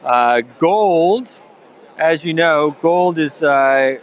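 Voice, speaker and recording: A man's voice: fairly high pitch, expressive, very slow, phone-quality sound, a little hiss or hum. A man hosting a live stream from a conference, talking in a rambling way with many fillers and restarts. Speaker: livestream host. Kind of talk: live event stream commentary. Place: outdoors at a conference venue.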